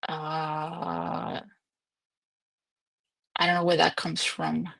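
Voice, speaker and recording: A woman's voice: lowish voice, monotone, drawn-out words, gravelly, fairly bright tone. A young woman hosting a casual livestream from home, chatty and rambling, laughing often. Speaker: livestream host.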